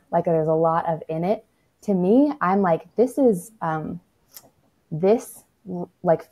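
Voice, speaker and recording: A woman talks through parenting advice as an expert guest in a relaxed podcast conversation. Her voice sits a little low and sounds warm and mellow. She speaks frankly and matter-of-factly, with plenty of "like" and the odd swear word. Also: breathy edge. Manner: frank and matter-of-fact, peppered with "like", occasional swearing.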